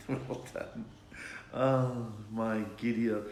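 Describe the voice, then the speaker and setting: A South African comedian live-streams from home during lockdown, chatting, telling jokes and answering viewers' requests. His voice is mid-range at a normal speed, in an echoey room with faint noise.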